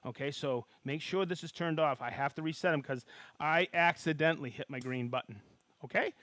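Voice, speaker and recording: Man, high bright voice, dry close sound, excitable, folksy tool demo, keeps saying okay. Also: fairly quick, no room sound. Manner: excitable, shouts greetings to viewers; folksy, repeats "okay?" to check in. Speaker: woodworking demonstrator. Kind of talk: live-streamed tool demonstration.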